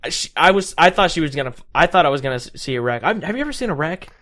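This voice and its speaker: A young man co-hosting a casual podcast chat, talking haltingly with many restarts and fillers. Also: fairly high pitch, animated, sharp tone. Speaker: podcast co-host.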